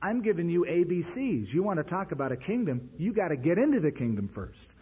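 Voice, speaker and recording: A man preaching a sermon, his voice husky and strained. His pitch leaps up and drops back down as he talks. Everything rings with a long hall echo. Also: fairly quick. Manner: animated, conversational preaching with sudden pitch jumps. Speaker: pastor.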